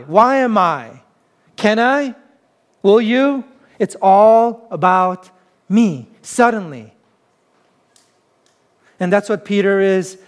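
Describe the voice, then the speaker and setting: In a fairly high male voice with a clean tone, a pastor delivers his sermon conversationally. He works through the text by putting rhetorical questions to his listeners.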